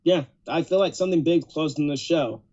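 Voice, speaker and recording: A man hosting a podcast, chatting casually and laughing between thoughts. His voice sits a little high. The audio is dull and lo-fi. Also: a little fast, warm tone. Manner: laid-back, laughing, "yes sir" affirmations. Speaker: podcast host. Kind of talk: casual chat.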